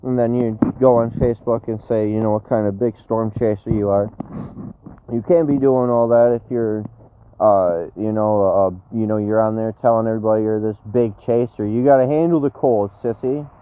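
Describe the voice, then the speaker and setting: A man's voice: on the low side, fairly even intonation, normal speed. Brash, slangy man on a tinny phone stream. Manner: brash and slangy, swears freely. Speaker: storm chaser streaming live. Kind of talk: casual live-stream chat. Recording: tinny phone-like audio with faint noise.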